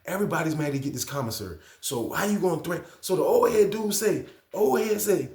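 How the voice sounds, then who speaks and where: Man, storytime host, relaxed slang delivery, echoey room. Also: on the high side, fairly quick, few pauses. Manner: casual slang, repeats phrases, addresses viewers. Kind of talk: casual prison storytelling.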